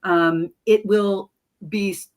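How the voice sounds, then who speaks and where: A woman's voice: mid-range voice, steady tone, slow. A woman guest expert answering interview questions frankly and thoughtfully, with some fillers.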